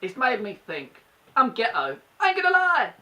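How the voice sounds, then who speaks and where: A performer voicing a sassy female purple puppet with streetwise slang and quick comebacks, chatting as a guest. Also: medium pitch, huge pitch swings, pushed and bright, distant mic. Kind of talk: casual chat.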